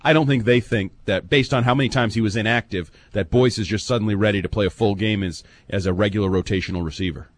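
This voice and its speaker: A man co-hosting a sports talk radio show, animated, rambling and wry as he breaks down football. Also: on the low side, quick pace, hardly any pauses. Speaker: co-host and football analyst.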